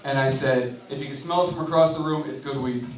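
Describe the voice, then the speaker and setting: A man's voice: medium pitch, steady tone, fast talker. Profane young man doing stand-up. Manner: rambling, profane, self-mocking asides. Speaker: stand-up comedian. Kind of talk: open mic stand-up set. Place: small bar at an open mic night. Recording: echoey bar from a far camera.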